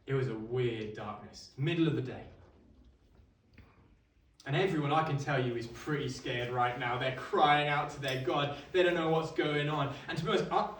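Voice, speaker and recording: A man's voice: mid-range voice, normal speed, fairly bright tone, slight background noise, natural voice. A man playing a middle-aged Roman centurion, telling his story in a wry, conversational monologue to a live audience. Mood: awed. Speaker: costumed actor at an exhibition. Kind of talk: first-person dramatic monologue to a live audience. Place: indoor exhibition hall. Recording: echoey hall, mic at a distance.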